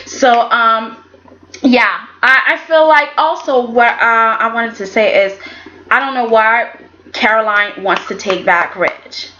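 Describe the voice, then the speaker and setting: Woman ranting about a soap episode, slightly high voice, kinda muffled lo-fi mic. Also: takes it slowly, bright, forceful tone, slight background noise. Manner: chatty and opinionated, acts out quotes in voices. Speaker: soap opera reviewer. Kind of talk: casual chat.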